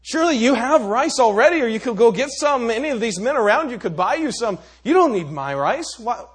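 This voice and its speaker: A man voicing a poor beggar who stammers nervously, then protests in a high, loud voice. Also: normal speed, slightly rough. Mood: indignant.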